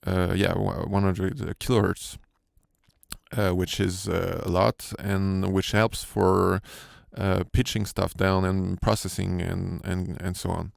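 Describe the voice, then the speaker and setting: A man's voice: low-pitched, level tone, slow, creaky, dry recording. A man with a French accent, a sound designer giving a hesitant, filler-heavy tutorial walkthrough from his home studio. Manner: hesitant, many fillers and restarts.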